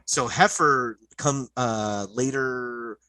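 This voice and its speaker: A man co-hosting a podcast, excitedly retelling cartoon episodes in casual chat, full of fillers and swearing. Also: medium pitch, drawn-out words, no echo, poor audio. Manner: excited, profane storytelling, many "like" fillers. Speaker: podcast co-host.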